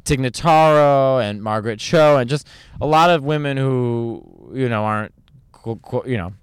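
A man's voice: mid-range voice, smooth, no room sound. A man who is a stand-up comedian, chatting animatedly on a podcast with lots of restarts. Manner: animated, rapid, full of restarts and impressions. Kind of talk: casual podcast chat.

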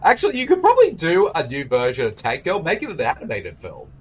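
A man's voice: fairly high pitch, huge pitch swings, fast talker, breathy edge, low-quality recording. A man co-hosting a casual movie watch-along, rambling about film trivia. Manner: rambling, chatty, trivia-minded. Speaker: podcast co-host.

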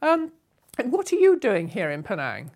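A woman voicing a genteel lady at a tennis party who gushes in a drawn-out way. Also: medium pitch, wildly swooping pitch, darkish tone, pitched above the performer's own voice. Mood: gushing.

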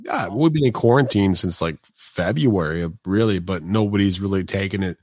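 Male podcast host, low-ish, dry sound, loose rambling delivery. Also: normal speed, a little mellow, no echo. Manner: loose, rambling, many fillers and restarts. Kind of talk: casual interview chat.

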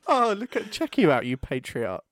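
Animated podcast co-host man. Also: fairly high pitch, normal speed. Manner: animated, swearing, laughing often. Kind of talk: casual chat. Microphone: podcast microphone.

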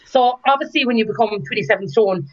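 A woman's voice: on the high side, quick pace, dull audio. A young Irish woman, a podcast guest, telling a story in casual chat and acting out the voices of the people in it. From Ireland. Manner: lively, animated, acts out dialogue.

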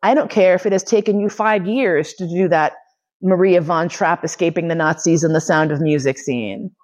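A woman's voice: fairly low pitch, normal speed, a little mellow. A woman from New York City hosting a podcast lecture, telling a story in casual, profane talk and laughing often. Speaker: podcast host giving a lecture.

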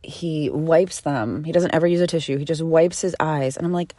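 Low-voiced woman telling a chatty story. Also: moderate pace, few pauses, no room sound, studio quality. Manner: animated, chatty, swears casually. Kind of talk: casual storytelling.

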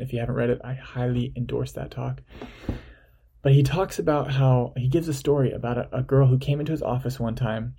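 Man, church speaker, earnest and explanatory, husky dark voice. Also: medium pitch. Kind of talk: reading a parable, then a sermon talk.

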